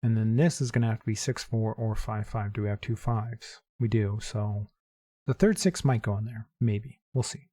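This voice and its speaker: A man's voice: on the low side, moderate pace, warm tone, dry recording. Man thinking aloud over word puzzles. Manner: thinks aloud, muttering clues and working through puzzles. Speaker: gaming channel host. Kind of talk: casual puzzle-solving commentary.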